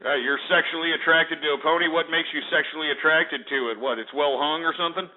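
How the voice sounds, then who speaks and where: A man hosting a call-in radio show, ranting loudly and hurling insults at callers. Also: fairly high pitch, fairly even intonation, fast. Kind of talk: abrasive call-in radio talk. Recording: lo-fi phone-quality internet radio.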